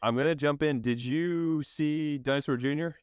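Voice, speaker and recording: Easygoing man chatting with quick asides. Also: on the high side, clean tone, dry recording, studio quality. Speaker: podcast co-host. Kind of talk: casual chat.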